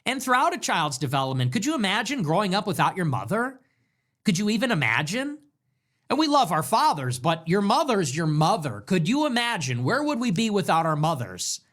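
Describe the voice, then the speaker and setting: Male host, somewhat high voice, animated delivery, emphatic and repetitive monologue. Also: a little fast. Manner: emphatic, repetitive, rhetorical questions. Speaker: show host. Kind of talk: political commentary monologue.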